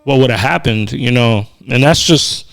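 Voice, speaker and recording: A man's voice: medium pitch, normal speed, gravelly, fairly bright tone, faint music behind. A man co-hosting a podcast, talking in an earnest, reflective way with many casual fillers. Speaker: podcast co-host.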